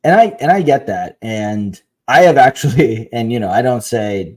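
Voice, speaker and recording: A man's voice: mid-range voice, lively intonation, normal speed. Wry, self-mocking man on a podcast. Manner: wry, self-deprecating, laughs at himself. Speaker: podcast co-host. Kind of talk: casual parenting chat.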